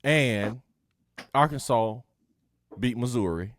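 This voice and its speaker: A man's voice: medium pitch, takes it slowly. A man, co-hosting a casual sports talk podcast in a laid-back, slangy way. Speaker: co-host.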